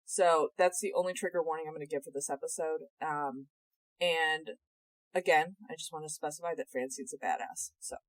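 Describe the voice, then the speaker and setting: A young woman with a slightly low voice co-hosts a casual podcast chat, animated and sarcastic, swearing freely. Her voice sits dry and close to the mic. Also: brisk, no room sound, poor audio. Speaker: podcast co-host.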